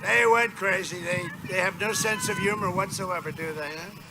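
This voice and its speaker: A man's voice: high-pitched, fairly even intonation, normal speed. Male politician at an open-air rally, rambling and boastful, noisy outdoor recording. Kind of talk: campaign rally speech.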